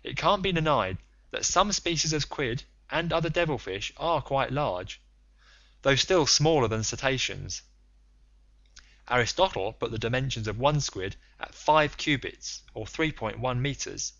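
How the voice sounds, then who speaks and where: Man reading a novel aloud, measured and explaining, dry slightly muffled recording. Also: medium pitch, lively intonation, gravelly, a bit bright, no echo. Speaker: audiobook narrator. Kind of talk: first-person novel narration.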